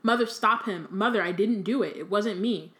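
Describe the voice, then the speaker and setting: A woman's voice: medium pitch, normal speed, a bit bright, lightly acted. A woman voicing a terrified pleading teenage boy. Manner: desperate, pleading.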